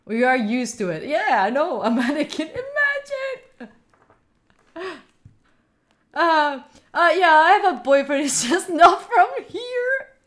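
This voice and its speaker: Her voice sits high and fairly bright, with lively intonation and a normal speed. She's a young adult study streamer from Italy who chats casually with viewers in an Italian accent, laughing often while answering their questions.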